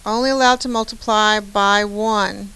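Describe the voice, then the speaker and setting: A woman's voice: medium pitch, fairly even intonation, a little slow, pushed and bright, clean tone, low-quality recording. A woman math teacher giving a chatty, encouraging lecture, often checking in with "right?". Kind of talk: classroom lecture.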